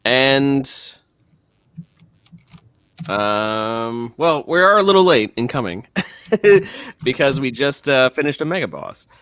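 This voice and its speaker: A man hosting a casual podcast, animated and quick to laugh. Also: medium pitch, dry recording, studio quality. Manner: animated, giggly. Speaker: podcast host. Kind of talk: casual chat.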